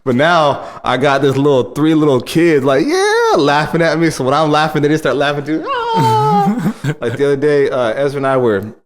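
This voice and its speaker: A man in his thirties co-hosting a podcast, telling lively family anecdotes. He laughs often and slips into playful voices for his kids. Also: on the high side, fairly quick, hardly any pauses, slight background noise. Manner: animated storytelling, laughs often. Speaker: podcast co-host. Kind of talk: casual chat.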